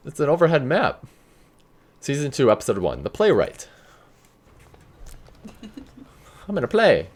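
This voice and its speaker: A man's voice: fairly high pitch, wildly swooping pitch, measured pace, pauses often. A man hosting a casual gameplay video, chatting and laughing as he plays. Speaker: let's play host.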